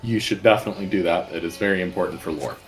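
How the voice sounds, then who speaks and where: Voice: deep voice, racing, soft background music, rough recording. A co-commentator chatting casually during a game stream, offering tips and relaying chat comments.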